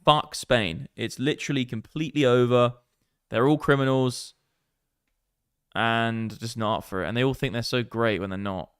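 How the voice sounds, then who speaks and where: Sweary man, smooth dry voice. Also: medium pitch, moderate pace, fairly bright tone, dry recording. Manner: brash, sweary banter with a running joke. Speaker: crypto trading livestream host. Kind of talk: casual livestream chat, reading viewer comments.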